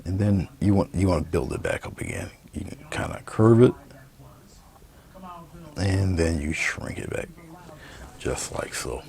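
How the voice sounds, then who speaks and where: A man giving a painting demonstration, talking through each brushstroke in a relaxed, murmured way. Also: low voice, unhurried, creaky, long pauses. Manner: relaxed, murmured step-by-step commentary while painting. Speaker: painting instructor.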